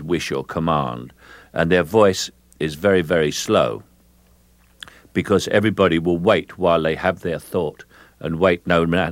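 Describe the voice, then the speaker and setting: An older man from England, an actor being interviewed on radio, who speaks in a slow, measured way and repeats words while he thinks. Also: deep voice, no echo.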